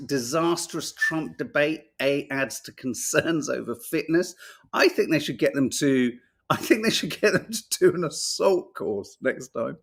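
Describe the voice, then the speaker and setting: A man co-hosting a podcast, reading out headlines and reacting with laughter and swearing. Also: on the high side. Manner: animated, swearing, laughing, mock voices. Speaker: podcast co-host reading newspapers. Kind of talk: casual chat.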